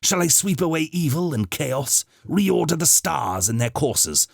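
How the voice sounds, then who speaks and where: A man's voice: medium pitch, sing-song, moderate pace, breathy edge, no echo, clean studio sound, voice pushed up. A man reading an audiobook, voicing the Doctor, a male alien time traveller who speaks with rising passion. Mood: impassioned. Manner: impassioned, rising to declamation.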